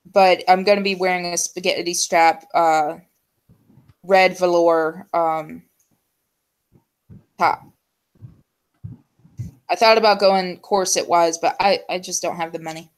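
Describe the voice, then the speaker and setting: A woman with a fairly low voice and fairly even intonation hosts a show, chatting casually with lots of ums and trailing pauses.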